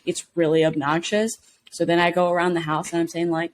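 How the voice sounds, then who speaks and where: A woman from Mississippi with a Southern accent, co-hosting a podcast in casual, animated chat and swearing freely. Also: fairly low pitch, quick pace. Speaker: podcast co-host.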